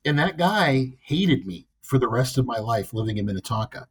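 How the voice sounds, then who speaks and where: In a relaxed podcast conversation, this East Coast American co-host spins a story with blunt, dry, self-mocking humor. His husky, medium-pitched voice swings widely in pitch at a normal pace, with few pauses.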